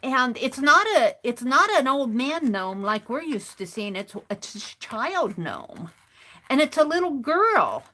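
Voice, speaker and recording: A woman hosts a craft stream and tells a meandering story in a relaxed, chatty manner. Her voice sits a little high and moves freely up and down in pitch. She often doubles back and restarts her sentences as she goes. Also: unhurried. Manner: rambling, chatty, restarts phrases. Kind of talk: casual storytelling while crafting.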